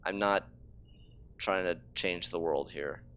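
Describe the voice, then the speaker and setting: A man's voice: low-pitched, slow, a bit bright, clear, resonant tone. A man streaming a game live, ranting in frustration and swearing freely. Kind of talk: casual live-stream talk.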